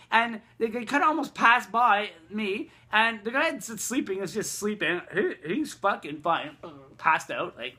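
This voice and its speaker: A man vlogging a casual, rambling rant, swearing heavily and excitably. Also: sits high, brisk.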